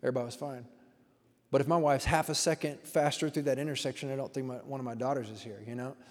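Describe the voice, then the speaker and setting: A male pastor giving a relaxed, conversational sermon, telling stories and asking the congregation questions. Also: medium pitch, fast. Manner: casual, storytelling, engages the congregation with questions. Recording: long hall reverb.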